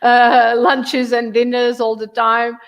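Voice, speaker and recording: A woman from Portugal with a Portuguese accent, a guest teacher explaining culture with many pauses and fillers. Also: fairly high pitch, completely flat delivery, dull audio. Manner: halting, many fillers, warm laughs. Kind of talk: explaining culture on a live show.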